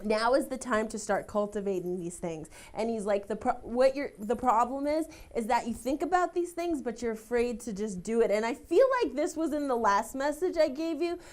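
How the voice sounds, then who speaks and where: A woman's voice: on the high side, expressive, moderate pace, few pauses. A young woman working as a psychic medium, relaying messages emotionally, laughing and close to tears. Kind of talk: live TV psychic reading.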